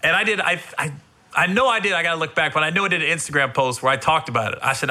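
A man hosting a casual interview, telling stories in an animated way and laughing often. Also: a little high, racing. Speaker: podcast host.

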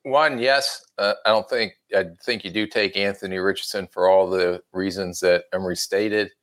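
A man's voice: low voice, fairly even intonation, moderate pace, fairly bright tone. A middle-aged man, a former football general manager, chatting casually on a podcast and telling folksy stories with a laugh at himself.

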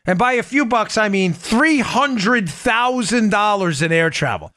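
A man hosts a political podcast in a bright, high voice. His delivery is animated and sarcastic, and he often slips into mocking impressions. The sound is dry and close, with no room echo. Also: a little slow. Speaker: podcast host. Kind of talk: political commentary monologue.

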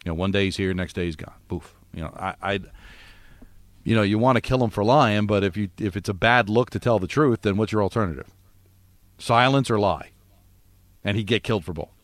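A man co-hosting sports talk radio, arguing his case with rapid rhetorical questions. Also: fairly low pitch, no room sound.

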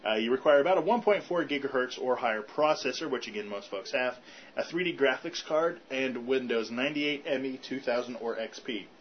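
A man's voice: medium pitch, fairly quick. A man co-hosts a fan podcast in an easy, chatty way, reading out tips and web addresses between laughs. His voice sits in a middle register. The recording is dull and lo-fi, with a faint hiss under it. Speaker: podcast co-host. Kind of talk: casual chat.

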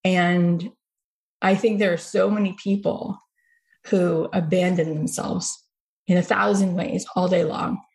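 Woman host, lowish voice, gushing and chatty, tells stories. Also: level tone, unhurried, vocal fry, a little mellow. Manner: effusive, storytelling. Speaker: podcast host. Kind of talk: conversational interview.

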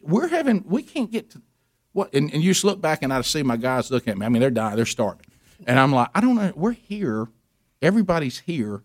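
He has a mid-range voice and talks fast, with no echo. This middle-aged radio co-host is animated as he spins a long story in casual conversation, performing the voices of the people in it.

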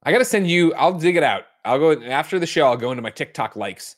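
A man's voice: fairly high pitch, animated, fast. A man hosting a podcast, chatting in a jokey, rambling way and reading the news aloud. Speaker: podcast host. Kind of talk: casual chat and ad read.

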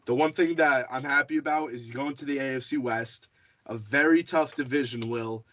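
A man's voice: mid-range voice, normal speed, pushed and bright. A man hosting a casual sports podcast, chatty, often restarting and correcting himself. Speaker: podcast host. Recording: dull lo-fi audio.

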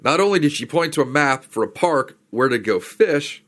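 A man's voice: fairly high pitch, expressive, normal speed, fairly bright tone. Chatty man telling a rambling story. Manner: chatty, slangy, digressive. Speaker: podcast host. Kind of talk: casual storytelling.

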